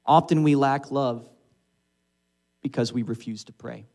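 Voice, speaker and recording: A man's voice: mid-range voice, measured pace, darkish tone. A man preaching a sermon in a church sanctuary, speaking in a conversational way and asking his congregation questions. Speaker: pastor.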